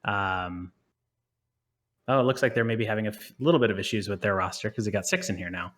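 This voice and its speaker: A man's voice: fairly low pitch, fairly quick, a bit bright. A man co-hosting a live stream and commentating a competitive video game match, joking and laughing often between play-by-play.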